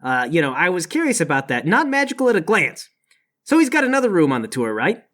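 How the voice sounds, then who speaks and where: Pompous, bright-voiced tabletop player. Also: mid-range voice, huge pitch swings, fast. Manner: pompous, commanding, bluffing. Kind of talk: in-character tabletop play.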